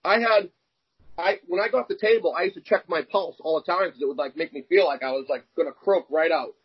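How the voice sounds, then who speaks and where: A man's voice: a little high, quick pace, slightly rough. A young man, an arm wrestler, telling candid personal stories in an interview and acting out the dialogue. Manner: animated, acts out quoted dialogue. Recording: dull lo-fi sound.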